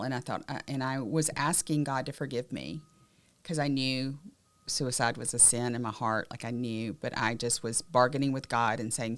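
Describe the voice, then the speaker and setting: Southern woman, low-pitched, podcast co-host giving frank emotional testimony. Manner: candid, emotional, drops to quiet tones. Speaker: podcast co-host sharing her survival story. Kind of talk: personal testimony in conversation.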